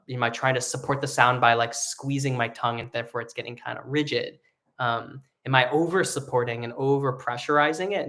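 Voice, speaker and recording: A man leads a live online singing lesson, talking it through loosely with frequent ums and likes. His speaking voice sits in a middle range. He sounds easygoing and conversational as he explains. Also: mid-range voice. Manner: relaxed explaining with many fillers, breaking into sung vocal demos. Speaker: singing teacher.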